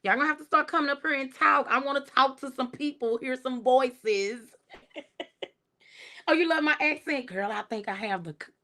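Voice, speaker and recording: A middle-aged woman with a Texas accent, chatting casually on her livestream, relaxed and soft-spoken, laughing as she reads viewer comments aloud. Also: high-pitched, moderate pace. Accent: Texan. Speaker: livestream host.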